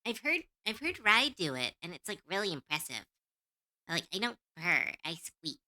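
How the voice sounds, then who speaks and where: A woman's voice: fairly low pitch, sing-song, moderate pace, sharp tone. A woman streamer chatting casually to her viewers, rambling and giggling between thoughts.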